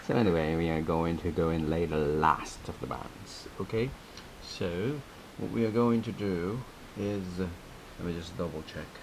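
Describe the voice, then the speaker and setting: A man's voice: low-pitched, normal speed, hardly any pauses, a little hiss or hum, poor audio. A man hosting a casual step-by-step craft tutorial, chatty and laughing often as he repeats his instructions.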